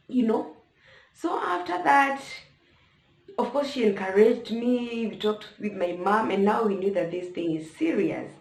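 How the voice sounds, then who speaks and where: A woman's voice: medium pitch, expressive, measured pace, a little mellow. Emotional Kenyan woman vlogger, echoey room. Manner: emotional, addresses viewers directly. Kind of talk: personal storytelling to camera.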